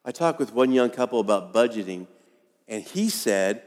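A pastor in his fifties preaches in a church sanctuary, sharing homespun stories with self-deprecating humor in a conversational style. His lowish, slightly mellow voice is animated at a moderate pace, and a long hall reverb hangs on the recording.

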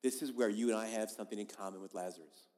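A man as a pastor giving a sermon in a church, preaching in a conversational but emphatic way and swinging between loud and soft. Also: fairly low pitch, fast talker. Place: church sanctuary. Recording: long reverb of a large hall.

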